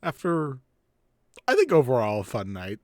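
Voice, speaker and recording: A man speaks in a relaxed way at a tabletop game. His voice moves widely in pitch and sounds dry and close. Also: normal speed, no room sound. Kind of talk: casual roleplay chat.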